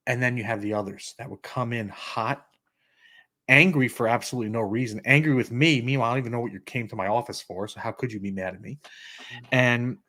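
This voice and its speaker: A man's voice: mid-range voice, a little fast, sharp tone. A middle-aged man co-hosting a podcast, talking bluntly and telling stories about managing an office. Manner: blunt, storytelling with acted quotes. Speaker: podcast co-host. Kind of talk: casual podcast conversation.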